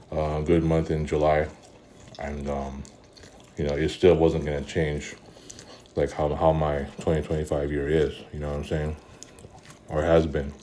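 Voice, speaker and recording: A man's voice: rumbling low, warm tone, slight background noise. A man talking casually in a vlog, weary and rambling, with many fillers and restarts, and eating between sentences. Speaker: vlogger.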